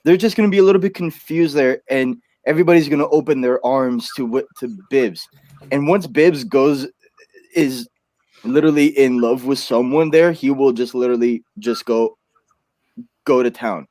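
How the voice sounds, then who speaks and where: Guy in a podcast debate game, keeps tripping over his words, mid pitch, dry mic. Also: darkish tone, no echo. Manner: halting, full of restarts.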